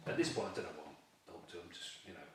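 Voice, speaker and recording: A man's voice: sits low, rapid-fire, creaky, distant mic. Man, echoey and off-mic. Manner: lively, chatty, laughs often while telling the tale. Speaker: carp angler, fishing team member. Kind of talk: casual storytelling in an interview. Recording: very echoey room, voice off-mic with faint noise.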